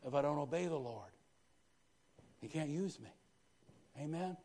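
A man preaching a sermon in a church, lively, with frequent asides to the congregation. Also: a little high, measured pace, gravelly. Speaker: pastor. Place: church sanctuary. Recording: long hall reverb.

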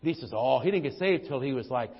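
A man's voice: medium pitch, lively intonation, fast talker, breathy edge. A middle-aged man, preaching a folksy, humorous sermon full of "amen"s. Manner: folksy, exclaims amen often, storytelling with humor. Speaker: pastor. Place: church sanctuary. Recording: dull lo-fi church recording with long reverb.

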